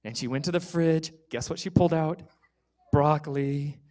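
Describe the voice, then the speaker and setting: A man telling a children's story in a church service, animated and lively, acting out the kids' voices. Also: on the high side, moderate pace.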